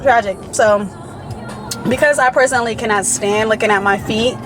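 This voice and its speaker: A woman in her thirties chatting casually to viewers in a vlog, animated and slangy with frequent asides. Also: fairly high pitch, moderate pace, over music, crowd noise. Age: 30s. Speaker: vlogger. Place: in a car and at home.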